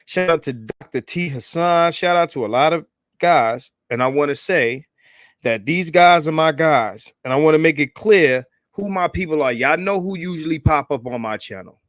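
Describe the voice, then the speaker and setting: A man's voice: on the high side, lively intonation, moderate pace, dry recording, studio quality. Hyped, profane man hosting a livestream. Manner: hyped, profane, calls out shout-outs and begs for likes. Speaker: livestream host. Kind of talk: casual livestream commentary.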